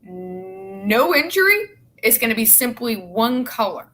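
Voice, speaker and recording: Young woman, blunt, sarcastic, profane, unhurried pace. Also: on the high side, big pitch swings, pushed and bright. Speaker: show co-host. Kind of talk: casual opinionated chat.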